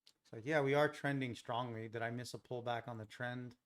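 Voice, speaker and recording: Guy doing live trading commentary, talks to himself about setups, mid pitch, easygoing, second-guesses his calls. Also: fairly even intonation, a little fast. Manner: muses aloud, questions his own trade ideas. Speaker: futures day trader streaming live.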